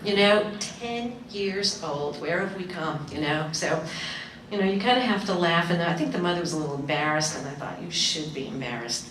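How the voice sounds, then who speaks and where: Woman, panel speaker, animated storytelling, distant mic, faint hiss. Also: on the low side, moderate pace. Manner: lively storyteller, acts out quotes. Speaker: workshop panelist. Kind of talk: anecdotal talk to an audience. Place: community seminar hall. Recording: echoey hall, mic far off.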